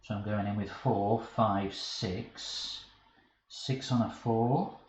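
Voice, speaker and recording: A man's voice: lowish voice, fairly even intonation, slow, a little mellow. A man streaming a card game live, thinking aloud about his moves and flustered and self-mocking when he slips up. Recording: dull roomy stream audio with faint hiss.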